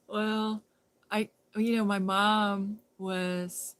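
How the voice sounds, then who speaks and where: A woman hosts a casual live stream and talks to her viewers as if to friends. She rambles, starts sentences over, and keeps laughing as she goes, recorded close on a phone or webcam. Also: mid-range voice. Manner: rambling, self-interrupting, laughs often. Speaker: livestream host.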